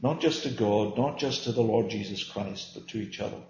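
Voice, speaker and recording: A man's voice: lowish voice, brisk, a little mellow, a little hiss or hum. An earnest man leads a small-group Bible teaching, pressing his points and answering his own questions. The recording is roomy and a bit dull, with faint ambience behind him.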